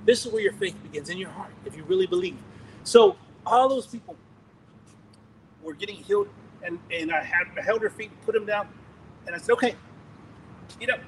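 A man preaching, telling a testimony in an animated, rambling way with laughs and restarts. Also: high voice, fairly quick, long pauses, a little hiss or hum, low-quality recording. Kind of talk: sermon testimony storytelling.

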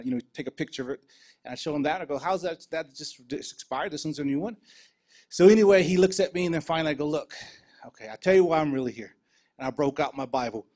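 Male preacher, slightly higher voice, animated testimony and prayer. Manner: storytelling, animated, laughs between lines.

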